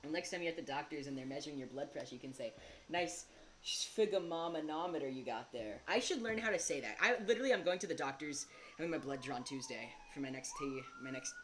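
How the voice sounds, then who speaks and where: Young woman streamer, casual and giggly, slightly low voice with an animated swing. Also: fast talker, slight background noise. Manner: chatty and giggly, laughs often. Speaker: gaming streamer. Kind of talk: casual gameplay commentary.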